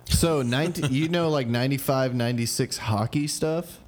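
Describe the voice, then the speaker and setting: A man on a podcast who asks questions in a halting way, with many fillers. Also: mid-range voice. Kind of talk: casual chat.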